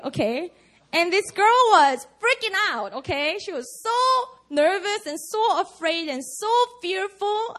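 A woman with a high, slightly bright voice preaches a casual sermon at a prayer meeting. She keeps it chatty and conversational, sprinkling in lots of "you know" and "like."

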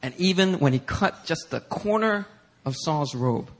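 A man preaches in a church, speaking to the congregation in a conversational, animated way. His voice sits a little high and has a husky, breathy grain. He acts out the stories as he tells them. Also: unhurried. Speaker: pastor. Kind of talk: sermon. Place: church sanctuary.

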